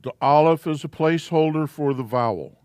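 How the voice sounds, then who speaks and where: Male teacher, fairly high voice, slow and patient, leading a live class. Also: darkish tone, dry recording, clean studio sound. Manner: slow, patient, walking through letters step by step. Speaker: Hebrew alphabet teacher.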